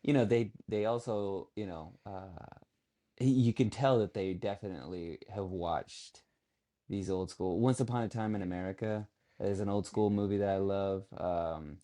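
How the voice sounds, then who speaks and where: A man with a lowish, mellow voice co-hosts a podcast in loose casual chat. He rambles, restarts his sentences and lets thoughts trail off as he works out what he means. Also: moderate pace. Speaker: podcast co-host.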